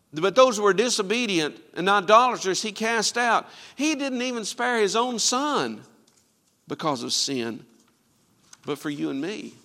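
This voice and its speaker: A man preaching a sermon, quoting scripture and swinging from loud, ringing lines to hushed ones. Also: fairly high pitch, in a large hall.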